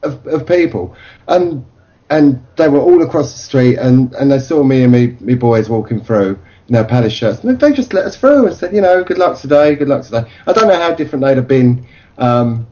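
A man's voice: mid-range voice, sing-song, moderate pace, dark tone. A man co-hosting a football radio show, chatting in a jokey, rambling way. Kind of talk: casual fan radio chat. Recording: dull lo-fi sound.

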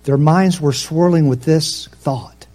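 A man preaching a sermon in a conversational, storytelling way, with asides to the congregation, rising in pitch and force to stress a point. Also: lively intonation, normal speed, darkish tone. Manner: rises in pitch and force for emphasis.

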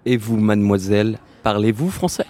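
A polite French waiter, played by a man in a scripted dialogue for learners. His voice sits fairly low and sounds courteous and crisp. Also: lively intonation, fairly quick, darkish tone, lightly acted.

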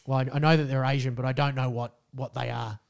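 A man telling a story on a casual podcast. He swears freely and is animated, with loud bursts when he quotes people. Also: medium pitch, quick pace, creaky. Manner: animated, profane, jumps into loud voices when quoting people. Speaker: podcast co-host.

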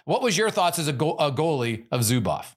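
A man's voice: fairly high pitch, sing-song, a little fast, breathy edge. Upbeat male sports podcast host. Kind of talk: casual sports chat.

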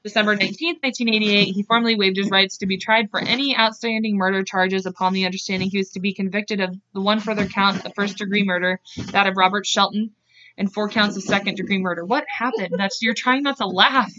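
A woman co-host reads through a true-crime case in a casual way, often tripping over words and laughing at her own slips. Her voice is bright and sharp, and the recording is dry and a little dull, like a lo-fi home setup. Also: mid-range voice, level tone, fast, dry recording. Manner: reads notes aloud, trips over words and laughs at herself. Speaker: podcast co-host.

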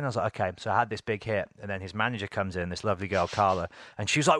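Bright-voiced English man telling stories. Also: low-pitched, rapid-fire, few pauses, dry recording. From England. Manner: animated, laughs often, acts out quotes. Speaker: podcast host and music interviewer. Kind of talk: casual storytelling chat.

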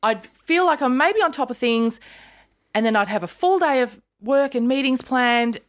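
Animated Australian woman in her fifties. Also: high voice, moderate pace. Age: 50s. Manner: animated storyteller, acts out voices in quotes. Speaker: podcast host. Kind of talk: casual chat.

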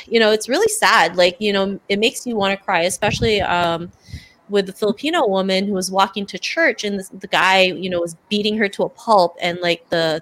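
A woman's voice: medium pitch, fairly bright tone. Woman on a podcast as the guest, earnest and chatty, lots of "like" and "you know", voice right in the middle. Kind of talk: casual interview conversation.

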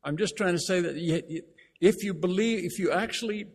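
A man preaching a sermon, emphatic, repeating key phrases and slowing down to read scripture aloud. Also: sits high, husky. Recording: long reverb of a large hall.

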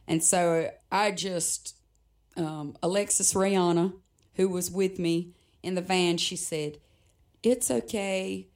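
Low-voiced woman telling a personal story. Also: steady tone, slow pace, a little mellow. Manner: reflective, laughs often between sentences. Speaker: guest performer, musician.

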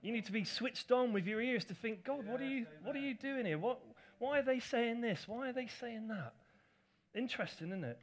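A man's voice: very high-pitched, moderate pace. A middle-aged man, a pastor, telling a personal story in a chatty, self-deprecating sermon with asides to his congregation.

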